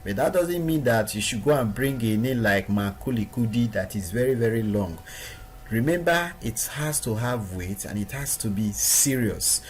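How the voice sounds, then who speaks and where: A man's voice: medium pitch, animated, moderate pace, a little hiss or hum. A man giving a recorded training lesson to his students, stressing points by repeating words. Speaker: online business trainer.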